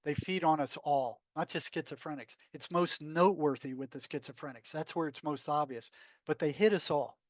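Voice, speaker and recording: A man's voice: a little high, normal speed, no echo. Blunt, emphatic man on a talk. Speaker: psychotherapist guest. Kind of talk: conversational storytelling.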